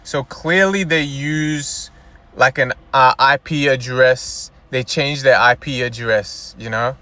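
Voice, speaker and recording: A man's voice: mid-range voice, takes it slowly, pushed and bright. A man vlogging from inside a car, ranting in a loose, profane, rambling way, full of "you know" and "like". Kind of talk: casual ranting monologue.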